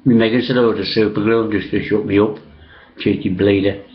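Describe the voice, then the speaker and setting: A man's voice: lowish voice, steady tone, brisk. An older man, rambling through old memories with many fillers, restarts and casual swearing. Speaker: storyteller recalling old days. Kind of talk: rambling reminiscence. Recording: dull lo-fi sound.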